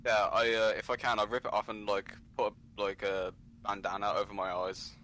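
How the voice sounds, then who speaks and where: A man plays a tabletop game and talks casually with fillers. His voice is very low with a bright, forceful edge. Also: little pitch movement, brisk, a little hiss or hum. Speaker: player.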